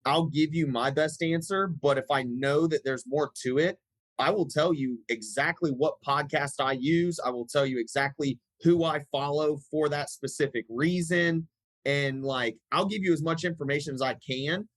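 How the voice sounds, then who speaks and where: A man talking as a podcast guest, his voice a touch higher than average. He sounds laid-back but emphatic and stresses his points hard. The recording is dry and close. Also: normal speed, no echo, rough recording. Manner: emphatic and laid-back, calls people dude. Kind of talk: casual podcast conversation.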